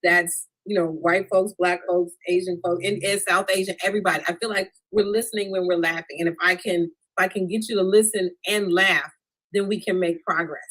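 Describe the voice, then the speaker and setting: A woman's voice: fairly low pitch, brisk, rough recording. Chatty woman doing stand-up. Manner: animated, talks straight to the crowd with "y'all". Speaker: stand-up comedian. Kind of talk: stand-up comedy set over a video stream. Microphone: remote video call.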